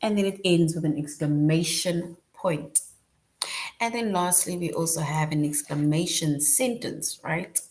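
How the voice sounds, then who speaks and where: A woman's voice: on the low side, unhurried, a little mellow. A woman teaching a children's grammar lesson online, explaining patiently and often checking in with "right?".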